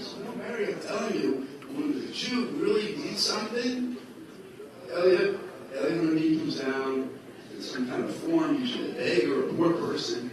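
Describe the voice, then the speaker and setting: A man with a fairly high voice, speaking at normal speed, recounts a long personal story at a religious event, giving the people in it their own voices as he acts out their lines. He sounds far away in a big, echoey school hall, and the recording is noisy.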